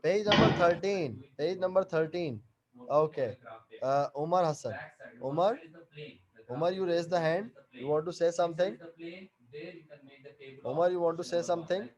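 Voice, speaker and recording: A man teaching an online class over a video call, explaining slowly and repeating each point and question. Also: a little high, muffled recording, a crowd in the background.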